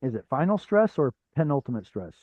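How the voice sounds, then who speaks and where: A man's voice: mid-range voice, very animated, brisk, dry recording, muffled recording. A man teaching a Hebrew reading class over a video call, patient and step by step, with frequent fillers. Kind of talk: live online class teaching.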